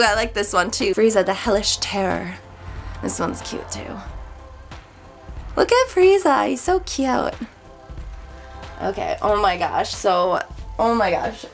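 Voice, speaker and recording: A young woman vlogging an unboxing, gushing with squealing exclamations and chatty asides, her voice cracking. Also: a little high. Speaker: YouTuber. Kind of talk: excited unboxing vlog.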